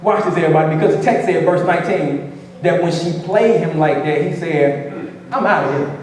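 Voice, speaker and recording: A man's voice: a little high, fairly quick, darkish tone, recorded from a distance, slight background noise. A male pastor preaching a sermon in a playful, call-and-response way, repeating phrases to the congregation. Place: church sanctuary. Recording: echoey church hall from afar.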